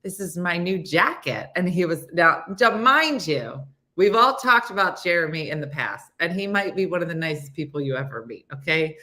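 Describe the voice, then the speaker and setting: Brief: woman host of a casual morning talk show, lively storyteller who acts out quotes, slightly low pitch. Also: normal speed. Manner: animated storytelling, acts out quotes, laughs often.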